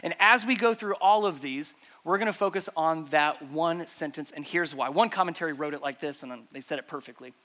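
A man's voice: a little high, fairly quick, bright, forceful tone. A man preaching a sermon to a congregation in an emphatic, conversational way. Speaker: pastor. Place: church service before a congregation.

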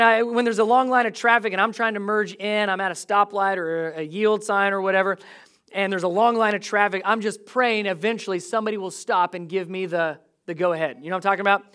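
A pastor preaching a sermon to a congregation in a church, talking in a lively, conversational way, with humor and big swings from quiet to loud. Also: mid-range voice.

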